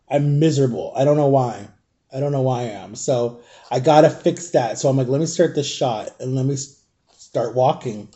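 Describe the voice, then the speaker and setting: A middle-aged man chatting in a casual storytime vlog, rambling along and clearing his throat often. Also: medium pitch, warm tone. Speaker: vlogger.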